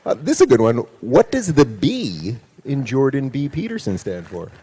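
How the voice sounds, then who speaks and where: A man's voice: mid-range voice, huge pitch swings, moderate pace, dark tone, husky. A man moderating a live stage question session, reading out audience questions in a playful, teasing way. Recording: reverberant hall on stage.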